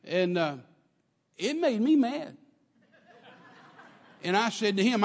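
An older Texan man preaching in a church, his voice sitting high for a man and trailing off into a long hall reverb. He tells his story with emphatic repetition and keeps calling out to the congregation to check that they're with him. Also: animated, normal speed, long pauses. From Texas. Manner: emphatic storytelling, repeats phrases, calls out to congregation. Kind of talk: sermon.

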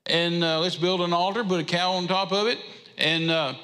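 A man's voice: high-pitched, steady tone, normal speed, bright, forceful tone. A man preaching a sermon, telling a Bible story in a folksy way. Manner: folksy storytelling with drawled asides. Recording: echoey hall reverb.

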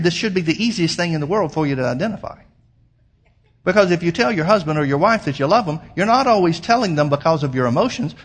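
A man preaching a sermon as pastor, emphatic, slowing down to quote scripture. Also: high-pitched, slightly rough.

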